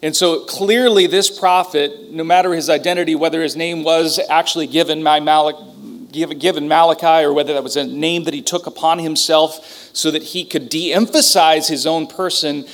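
Man teaching a sermon, fairly high-pitched. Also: fairly even intonation, normal speed. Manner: conversational, with frequent fillers and restarts. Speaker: pastor.

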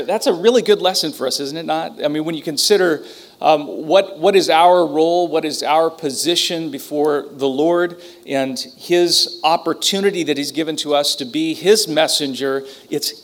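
A man teaching a Bible lesson from the pulpit in a relaxed, conversational way. His voice sits fairly high for a man, and he often pauses, restarts and fills gaps with um and uh. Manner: conversational, with frequent fillers and restarts. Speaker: pastor. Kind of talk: sermon teaching.

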